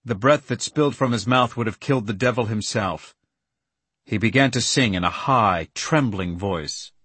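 A man narrating a story in the first person with an earnest, steady storytelling manner. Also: lowish voice, normal speed, husky, no room sound. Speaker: audiobook narrator.

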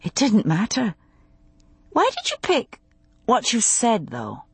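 A woman voicing a curious, practical young wife with a quick, animated way of talking. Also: lowish voice, breathy edge, dry recording, exaggerated voice.

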